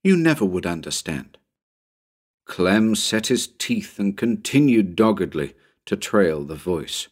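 A man with a very deep voice reads a horror tale slowly and with suspense. His delivery is unhurried, and his pitch swings widely to build tension around each scene. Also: darkish tone. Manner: measured, suspenseful storytelling. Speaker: narrator. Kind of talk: dramatic audiobook narration.

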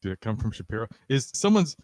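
A man's voice: mid-range voice, sing-song, quick pace, darkish tone, dry recording. A man playing in a casual tabletop game, asking lots of questions about the rules. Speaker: player.

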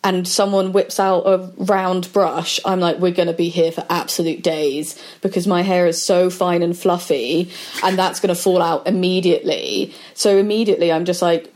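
A woman in a relaxed podcast conversation, telling stories in a chatty way and acting out what people said. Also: fairly low pitch, moderate pace. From Britain. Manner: chatty storyteller acting out quoted dialogue.

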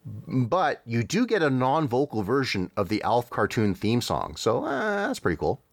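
A man's voice: mid-range voice, huge pitch swings, normal speed, vocal fry, no echo, studio quality. A man co-hosting a podcast in casual chat, describing a video clip in a wry, chuckling way with frequent fillers. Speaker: podcast co-host.

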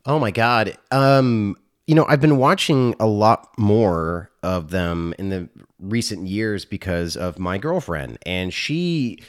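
A man as a podcast guest, talking casually and excitedly, swearing and filling pauses with ums. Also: fairly low pitch. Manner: animated, laughing, swears, many fillers.

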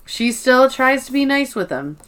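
A woman's voice: sits high, very animated, moderate pace, fairly bright tone. A woman co-hosting a podcast, casually recapping a show and rambling through scenes with swearing. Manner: rambling, swears, quotes characters. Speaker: podcast co-host.

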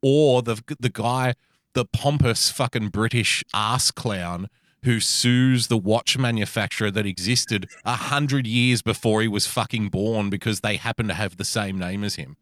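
A man's voice: fairly low pitch, a little slow, a bit bright, no room sound, clean studio sound. A young man co-hosting a podcast, ranting bluntly and swearing often in casual banter. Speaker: podcast co-host.

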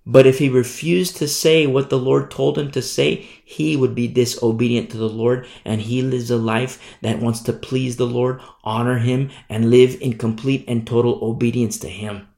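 A male preacher giving an animated sermon, acting out scenes as he goes. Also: medium pitch, moderate pace, vocal fry, hardly any pauses.

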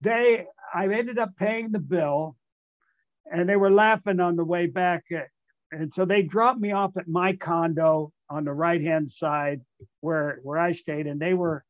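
A man's voice: fairly high pitch, fairly even intonation, a little slow, no echo. An older man, a retired ballplayer guest, telling a rambling, self-amused anecdote full of restarts and fillers over muffled call audio. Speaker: guest, retired baseball player. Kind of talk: storytelling anecdote.

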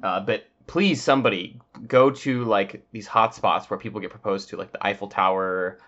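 A man's voice: on the low side, moderate pace, fairly bright tone, highs cut off. A man co-hosting a podcast, chatting casually and riffing on silly jokes. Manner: joking, riffs on silly bits. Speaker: podcast co-host. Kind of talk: casual chat.

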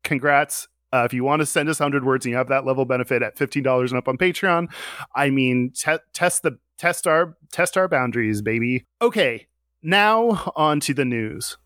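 A man's voice: mid-range voice, normal speed, a bit bright, dry recording, clean studio sound. A man hosting a casual podcast, chatting and laughing, often restarting his sentences. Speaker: podcast host.

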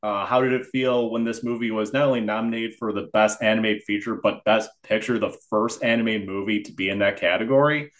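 A man hosting an interview, asking long, earnest and slightly halting questions. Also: lowish voice, fairly even intonation, fairly bright tone. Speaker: podcast host.

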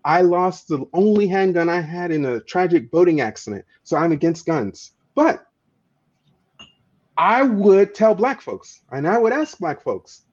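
An activist guest tells a story with passion in conversation, speaking emphatically and often stammering through repeated words. His high-pitched voice is sing-song and a little mellow, and his pace is a little slow. It's recorded in dull lo-fi.

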